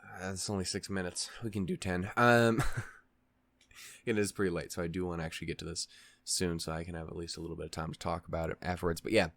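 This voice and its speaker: A man's voice: low-pitched, level tone, fairly quick, a bit bright, dry recording. A man hosting a reaction channel, casually recapping a show in a rambling way, with lots of fillers, restarts and swearing.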